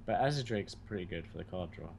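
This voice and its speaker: A man with a very deep voice that swings widely in pitch chats casually about a card game. He stammers and restarts his sentences as he weighs his options. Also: animated, fast talker, creaky, a little mellow, a little hiss or hum. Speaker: co-host. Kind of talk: casual gaming chat.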